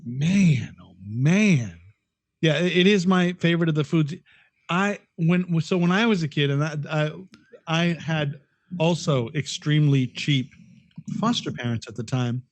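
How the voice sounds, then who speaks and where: A middle-aged podcast co-host chats casually and reminisces, rambling, swearing, and restarting often. His voice is on the high side and unhurried, with no echo.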